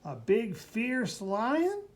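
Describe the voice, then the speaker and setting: Woman, unhurried storybook reader for a small child, playful sound mimicry, faint hiss behind. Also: a little high, wildly swooping pitch. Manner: playful, mimics sounds and asks the listener questions. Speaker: reader reading a picture book to a child. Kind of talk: reading a children's book aloud.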